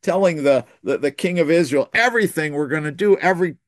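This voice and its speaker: A man's voice: fairly high pitch, quick pace, no room sound, clean studio sound, voice pushed up, lightly acted. A man voicing a frantic ancient king who accuses his own generals of leaking his war plans. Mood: agitated. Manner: shouting, accusing.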